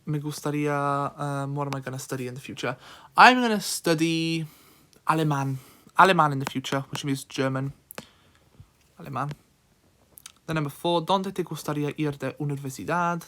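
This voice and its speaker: A man's voice: on the high side, normal speed, pauses often, sharp tone, slight background noise. A man tutoring in a casual screen-recorded lesson, thinking aloud with frequent ums.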